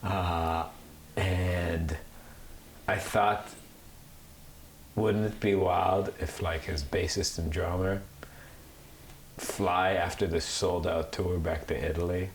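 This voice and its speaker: A man's voice: deep voice, slow, pauses often. A man in his thirties, a podcast co-host, chatting casually and rambling with many restarts. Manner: rambling, animated, mocks Italian accents. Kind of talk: casual chat. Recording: echoey room with faint noise.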